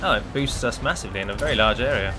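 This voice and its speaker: A man's voice: on the low side, animated, very fast, background noise. A man giving casual live gameplay commentary, chatty and wry, talking to his units as he plays. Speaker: gaming video creator.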